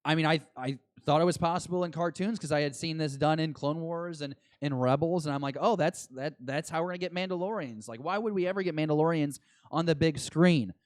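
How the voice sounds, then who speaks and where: A man co-hosting a podcast, chatting excitedly and rambling as an eager fan. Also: on the high side, a little fast, hardly any pauses, no room sound, studio quality. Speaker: podcast co-host. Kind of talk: casual chat.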